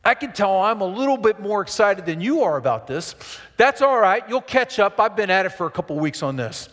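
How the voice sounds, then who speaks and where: A pastor with a high voice preaches a sermon fairly quickly in a church sanctuary, animated and emphatic, with asides to the congregation. The hall's long reverb echoes around him.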